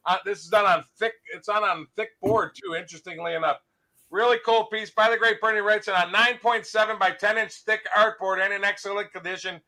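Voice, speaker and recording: A man's voice: high-pitched, a little fast, sharp tone. A man presenting original comic art for sale on a live stream, with enthusiastic salesman patter.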